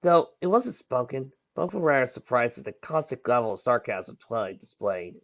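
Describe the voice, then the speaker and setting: A man narrating a fan fiction story aloud, in a lively reading with small slips and self-corrections. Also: mid-range voice, normal speed, vocal fry. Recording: dull lo-fi home recording.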